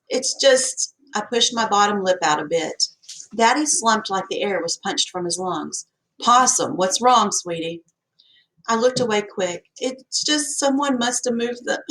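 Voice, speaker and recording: A woman reading an audiobook, voicing a mischievous young girl who fakes tearful, halting apologies. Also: medium pitch, fairly bright tone, poor audio. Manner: halting, sniffling, faked tearful. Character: young girl, sly and mischievous, feigning humility.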